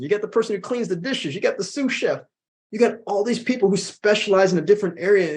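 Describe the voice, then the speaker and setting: A motivational speaker with a fairly high male voice, invited as a podcast guest. He talks emphatically and repeats his key lines so listeners can take them in. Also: darkish tone. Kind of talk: casual interview chat.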